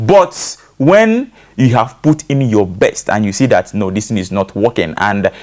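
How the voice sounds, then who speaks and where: A man's voice: fairly low pitch, animated, unhurried, a little mellow. A man with a Nigerian English accent, a panel guest on a talk show, explaining at length and leaning on fillers like "you know".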